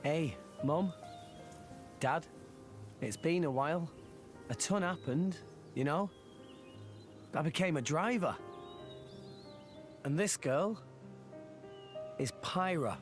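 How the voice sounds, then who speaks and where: A man's voice: fairly high pitch, animated, takes it slowly, pauses often, soft background music. A man with a Scottish accent voicing an earnest teenage male scavenger hero in a game, heard under a player's commentary. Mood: wistful.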